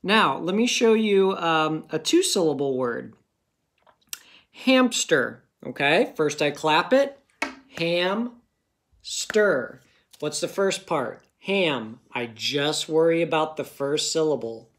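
A man teaching young children to read, talking slowly and patiently. He breaks words into single sounds and stretches them out. He keeps checking in with the class after nearly every sentence. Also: on the high side, lively intonation, fairly bright tone. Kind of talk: phonics lesson for children.

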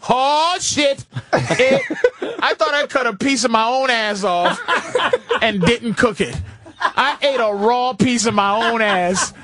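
A man with a very high voice rants on a radio talk show, swooping up and down as he swears and laughs through his points. His delivery is drawn out and unhurried, with noise behind the studio mic. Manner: loud, profane, animated ranting with laughter. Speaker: comedian guest.

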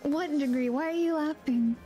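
A woman's voice: high voice, normal speed, dark tone, faint music behind. A woman with a Southern US accent streaming a game, chatting casually in a playful, giggly way and musing aloud.

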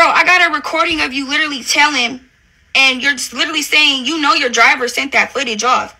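A woman's voice: high-pitched, gravelly, pushed and bright, rough recording. A young woman, ranting angrily and profanely at a rival in a confrontational, taunting social media video. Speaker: reality show cast member. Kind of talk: angry social media rant.

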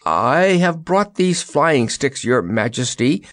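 A man's voice: on the high side, sing-song, takes it slowly, a bit bright, dry recording, pitched above the performer's own voice, full character voice. A man voicing a timid, loyal young boy messenger in a storybook reading. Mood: timid earnest.

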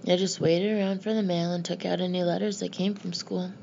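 Woman reading cocky older brother boy, slangy, teasing, flat delivery. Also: on the low side, brisk, creaky, dull audio, a little hiss or hum.

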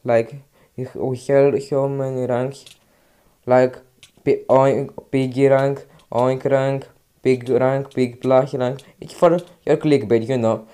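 A man's voice: medium pitch, little pitch movement, takes it slowly, mellow, clean tone. A young man with a Greek accent, commentating his own gameplay and swinging between frustrated mutters and outbursts. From Greece. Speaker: gaming YouTuber.

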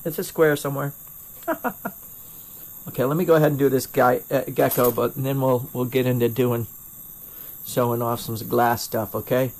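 A man's voice: mid-range voice, steady tone, normal speed, long pauses, a little mellow. A middle-aged man with a North Carolina accent, a glassblower chatting casually and a bit self-deprecatingly while he answers viewer questions during a live torch demo, recorded through a first-person camera mic in his home studio. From North Carolina, USA. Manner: rambling and self-deprecating, with frequent restarts. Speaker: glassblower streaming torch demos.

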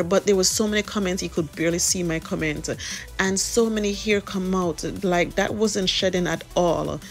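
A Jamaican woman chatting casually in a vlog while doing her children's hair, rambling and tending to speed up. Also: mid-range voice. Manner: chatty, rambling, tends to talk fast.

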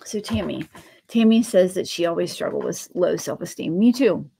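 A woman's voice: lowish voice, lively intonation, normal speed, vocal fry, warm tone, husky. A middle-aged woman hosting a craft channel, telling a personal story in a rambling, casual way with many restarts.

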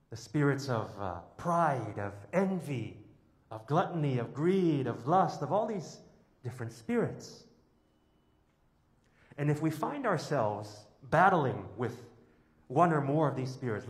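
Emphatic male priest in an echoey church. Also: medium pitch. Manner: emphatic, with rhetorical questions and lists. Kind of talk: homily.

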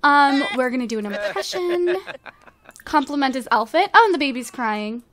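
A woman's voice: high-pitched, expressive, moderate pace, crowd noise. A woman casually commenting as she plays a life-sim game, bubbly and giggly as she gushes over how cute things are. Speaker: let's play host.

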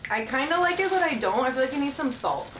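A playful young woman with a lively, bouncing voice, pitched a little high. She chats casually, giggling as she goes. The room is echoey, with a faint hum behind her. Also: fast talker. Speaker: vlogger. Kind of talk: casual chat.

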